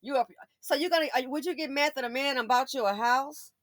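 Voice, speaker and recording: A woman hosting a casual commentary monologue, animated and sassy, acting out imagined conversations in shifting voices. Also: high voice, a little fast, dry recording. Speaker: commentary channel host.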